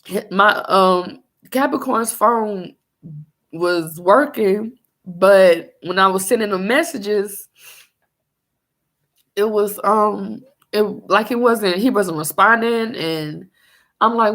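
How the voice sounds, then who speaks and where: A young woman speaks slowly, with a gravelly edge of vocal fry in her mid-range voice. She tells her own story in a personal vlog, halting and trailing off as she searches for words. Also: medium pitch, fairly bright tone.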